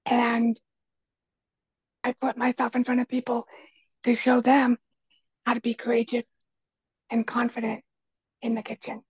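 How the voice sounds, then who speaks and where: Earnest raspy woman guest, very husky, dry close recording, lo-fi. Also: a little high, completely flat delivery, a little slow, pauses often, dry recording. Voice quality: raspy, quiet voice. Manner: earnest and emphatic, repeats key phrases. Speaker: podcast guest, speaker and kitchen coach. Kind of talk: casual conversation.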